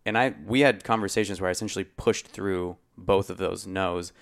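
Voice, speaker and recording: Man, very low voice, smooth and resonant, blunt, candid podcast co-host. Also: fairly even intonation, a little fast. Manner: blunt, candid, casually profane. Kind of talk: casual podcast chat.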